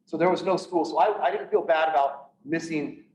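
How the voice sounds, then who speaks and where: A man giving an earnest personal talk to an audience, halting at times and restarting his sentences. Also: a little high, a little mellow, a little hiss or hum. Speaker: public speaker on PTSD. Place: event room, speaking to an audience. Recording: echoey room, voice from far off, dull sound.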